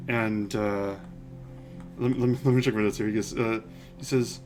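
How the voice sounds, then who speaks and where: A man narrating as game master of a tabletop game, halting with many fillers and restarts, with music faintly behind. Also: on the low side, fairly even intonation, a little mellow.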